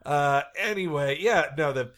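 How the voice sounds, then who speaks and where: Wry podcast man, slightly high. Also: expressive, a little slow, a bit bright. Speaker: podcast co-host. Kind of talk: casual chat.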